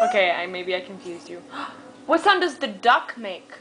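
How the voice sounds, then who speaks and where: A woman's voice: medium pitch, wildly swooping pitch, slow, background noise. A woman at home talking sing-song baby talk to a toddler, patiently coaxing and repeating her questions. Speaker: parent teaching a toddler.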